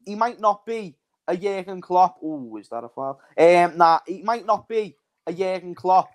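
A man's voice: sits high, expressive, moderate pace. A man with a Scouse accent chats casually as a guest on a football watchalong. He keeps calling people "lads" and "my mate" in a friendly, matey way. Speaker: guest fan on call. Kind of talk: casual chat.

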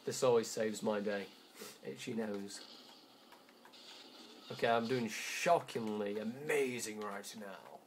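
A teenage boy talks through his gameplay at home, rambling and backtracking as he goes. His voice sits a little low, and he is quick to grumble when things go wrong. A faint hiss runs under the recording. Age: teens. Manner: rambling, self-correcting, quick to frustration. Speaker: gamer. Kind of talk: gameplay commentary.

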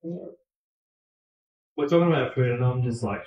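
A man's voice: medium pitch, slow, a little mellow, muffled recording. A man who served in the navy chats casually in a tattoo parlor, rambling and swearing freely. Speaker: navy veteran. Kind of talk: casual chat. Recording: roomy echo.

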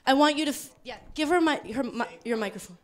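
A woman's voice: high-pitched, animated, quick pace. A middle-aged woman guesting on a live comedy talk show, joking crudely in a rambling, self-mocking way. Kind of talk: bawdy live comedy banter. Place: bar venue with live audience.

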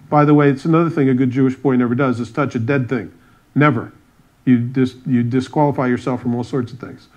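A man's voice: mid-range voice, a little fast, muffled recording. A man pastor preaching a sermon, retelling scripture stories with wry asides and acted-out dialogue.

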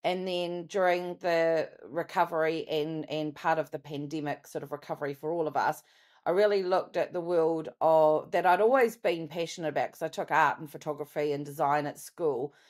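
Low-voiced New Zealand woman. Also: steady tone, normal speed, a little mellow. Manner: chatty, laughs easily, rambling with fillers. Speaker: podcast guest. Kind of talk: casual interview chat.

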